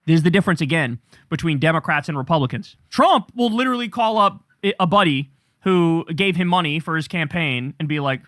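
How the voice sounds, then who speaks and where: A man with a fairly high voice delivers heated, profane political commentary, reading out quoted posts and then tearing into them with sarcasm. The sound is dry and close, with no room echo. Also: a bit bright. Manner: angry, profane, sarcastic ranting; reads quoted posts aloud then reacts.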